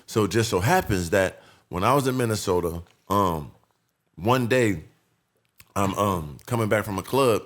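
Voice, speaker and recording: A man telling a long street story on a casual podcast, animated and profane. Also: on the low side, normal speed. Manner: profane, animated, acts out voices in his stories. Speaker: podcast guest.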